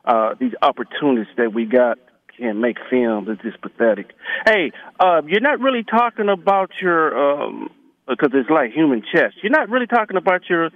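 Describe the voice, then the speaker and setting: A male caller on a phone-in show, arguing his opinions in an animated way with many fillers. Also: fairly high pitch, moderate pace, no echo. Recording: tinny phone line.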